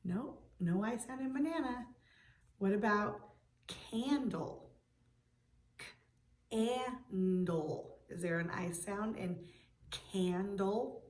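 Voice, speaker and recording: A woman's voice: medium pitch, lively intonation, a little slow. A woman teaching a preschool video lesson, patiently sounding out words for young children. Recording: echoey room.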